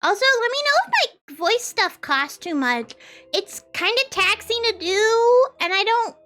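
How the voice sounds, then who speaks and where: A woman's voice: very high-pitched, lively intonation, a little slow, bright, forceful tone. A young woman streaming a game in casual chat, chaotic and playful, trailing off and restarting with silly bits. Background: faint music.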